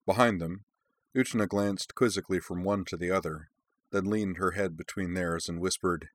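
A man narrating an audiobook in a measured, even reading. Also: low voice.

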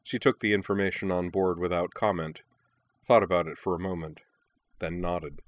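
A man reading a war story aloud in a measured, even narration. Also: low voice, no echo.

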